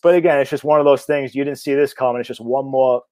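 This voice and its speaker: A man talking about his film work in a loose, casual interview. His voice sits at an ordinary pitch, and he swears a lot and restarts his sentences. The sound is close and dry. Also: fast, dry recording. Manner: blunt, swears freely, energetic, rambling with restarts. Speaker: indie horror filmmaker.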